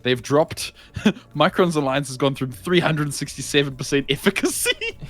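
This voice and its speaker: A man casting a tournament match live in casual commentary, excitable, laughing often and reading chat aloud. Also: on the high side, normal speed. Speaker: esports caster.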